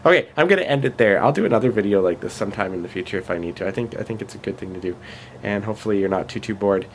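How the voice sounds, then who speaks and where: Canadian guy, early thirties, lowish voice, rambling home vlog, faint room hiss behind. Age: 30s. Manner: rambling, self-deprecating, with fillers and pauses. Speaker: vlogger. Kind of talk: casual late-night vlog.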